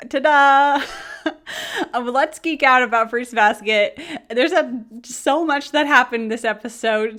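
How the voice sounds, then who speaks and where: A young woman hosting a casual anime review vlog, bubbly and giggly, rambling excitedly with lots of fillers. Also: fairly high pitch.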